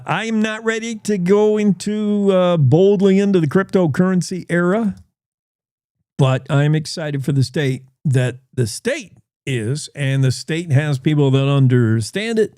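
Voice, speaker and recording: Male radio host, rambling casual reading, unhurried, slightly high voice. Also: mellow, dry recording, clean studio sound. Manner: slow, rambling, self-interrupting reads with asides. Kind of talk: casual news reading and chat.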